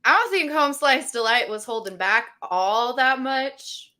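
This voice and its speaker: A woman co-hosting a casual podcast, telling the week's wrestling drama in an excited, gossipy way. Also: sits high, unhurried. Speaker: podcast co-host. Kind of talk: casual wrestling recap chat.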